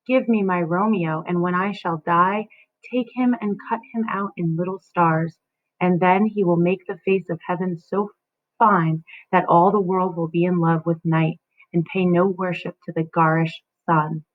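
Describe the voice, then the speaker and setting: Brief: a woman voicing an anxious young lover, a little higher than her own voice, tinny lo-fi audio. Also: fairly even intonation, normal speed, close to an everyday voice. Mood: longing. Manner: raised, earnest recitation. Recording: phone-like lo-fi audio.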